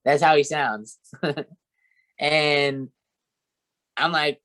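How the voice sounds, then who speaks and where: A man's voice: on the high side, fairly even intonation, drawn-out words, pushed and bright. A man training a sales team, coaching and encouraging, often checking in with "right?" and "okay?".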